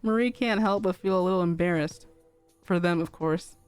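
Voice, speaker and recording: A young woman streamer narrating a fanfic aloud in a calm, even reading. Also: lowish voice, normal speed, smooth, faint music behind.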